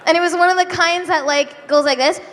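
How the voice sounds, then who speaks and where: A young woman performing a stand-up comedy set, giggly and self-deprecating, with drawn-out deadpan asides. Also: very high voice. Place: comedy club stage before a live audience. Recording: live club recording with reverb, faint room noise.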